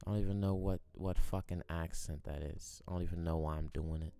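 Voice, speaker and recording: A man's voice: extremely low pitch, fairly even intonation, fairly quick, hardly any pauses, warm tone. A man in his twenties hosting his own podcast, talking off the top of his head in a rambling, profane, musing way while smoking. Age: 20s. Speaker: podcast host. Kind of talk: unscripted solo podcast monologue.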